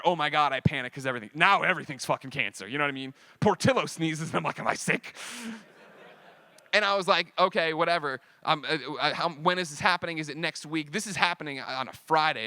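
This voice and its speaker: A man in his thirties telling a personal story to a convention audience, animated and profane, acting out what other people said. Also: on the high side, no room sound.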